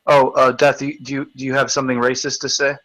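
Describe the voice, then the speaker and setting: A man's voice: mid-range voice, little pitch movement, quick pace, a bit bright, no echo, rough recording. Male livestream host, foul-mouthed and taunting, dry close sound. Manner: combative, profane, taunting. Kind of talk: ranting live video chat.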